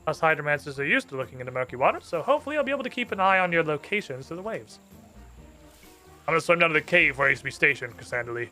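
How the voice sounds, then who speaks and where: Man reading an earnest game mage quickly, with little put-on voice. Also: on the high side, expressive, bright, forceful tone, soft background music. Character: earnest male hydromancer guide.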